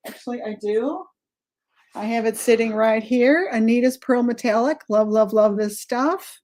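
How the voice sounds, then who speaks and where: A woman's voice: on the high side, normal speed, darkish tone. Chatty middle-aged woman hosting a live craft stream. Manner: chatty, friendly, greets viewers by name, sidetracks and self-corrects. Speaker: art tutorial host.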